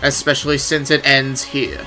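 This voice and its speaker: A man voicing a cold, scheming villain overlord with a smug, slow drawl. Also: medium pitch, expressive, bright, forceful tone, soft background music. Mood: menacing.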